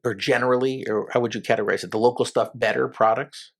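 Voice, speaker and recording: A man hosts a casual interview in a podcast studio, asking long, chatty questions that restart before they land. His voice sits at an ordinary middle pitch for a man. He is a lawyer by trade. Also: fairly even intonation, fast talker, gravelly, breathy edge.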